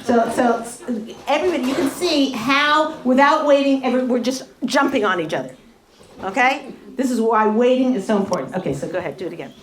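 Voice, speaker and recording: Woman running a workshop, chatty and animated, acts out little fights, roomy echo. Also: on the high side, fairly quick. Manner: chatty, animated, laughs often, acts out quarrels. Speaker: relationship workshop speaker. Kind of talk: live workshop talk to an audience. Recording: echoey room with audience.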